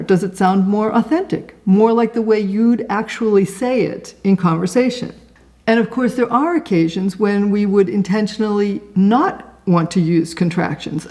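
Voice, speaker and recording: A woman's voice: medium pitch, dark tone. A woman teaching writing in a casual instructional talk, chatting conversationally and asking the listener rhetorical questions.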